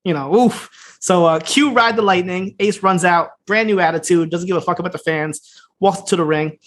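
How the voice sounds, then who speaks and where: A man co-hosting a podcast, recapping a TV episode in casual chat, quickly acting out what the characters say, with frequent laughs. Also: high voice. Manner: fast, animated retelling with laughs and acted-out quotes. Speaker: podcast co-host.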